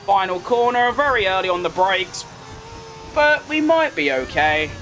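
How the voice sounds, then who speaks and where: A man's voice: high-pitched, animated, measured pace, fairly bright tone, a little hiss or hum. A young man from London, with a London accent tinged with posh, chatting as he streams a racing game, answering chat with rambling asides. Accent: London English with a posh tinge. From England. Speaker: gaming streamer. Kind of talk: live racing game commentary.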